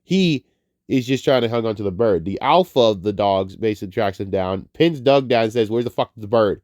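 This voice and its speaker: A man's voice: fairly low pitch, expressive, brisk, a little mellow, no room sound, studio quality. Profane, rambling man reviewing a film. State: getting over a cold. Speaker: movie reviewer. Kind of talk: casual spoken film review.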